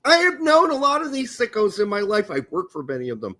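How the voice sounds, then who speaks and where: A man in his fifties with a high-pitched voice talks a little fast while co-hosting a soccer podcast. In the casual chat he's animated and jokey, cracking crude jokes.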